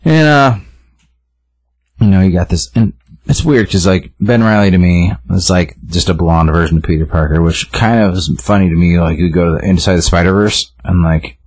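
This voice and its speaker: A young man with a low, husky voice rambles through a comic book recap with lots of fillers and restarts, like a laid-back podcast co-host chatting with a friend. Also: moderate pace, darkish tone, dry recording. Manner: rambling, filler-heavy storytelling with many restarts. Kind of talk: casual chat, retelling a comic with quick voiced lines.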